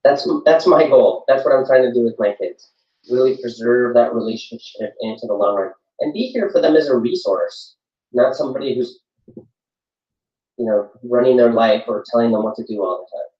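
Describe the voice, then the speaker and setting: A man's voice: medium pitch, normal speed. A middle-aged man giving an earnest, reflective workshop talk on parenting, often repeating himself for emphasis. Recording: echoey room from far off, dull sound.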